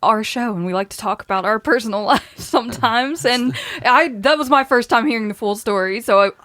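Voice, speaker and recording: A woman co-hosting a podcast in casual chat, a supportive listener who agrees quickly and laughs along. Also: a little high, a bit bright, dry recording, clean studio sound. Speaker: podcast co-host.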